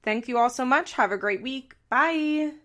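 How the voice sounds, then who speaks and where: A young woman hosting a podcast, recapping a reality show in casual, animated chat, sarcastic and quick to swear and laugh. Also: high voice, heavy background noise. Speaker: podcast host.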